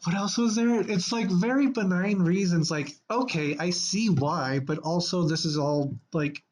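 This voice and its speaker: A man's voice: high-pitched, measured pace, darkish tone, slight background noise. A man co-hosting a podcast in casual chat, rambling with fillers and restarts. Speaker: podcast co-host.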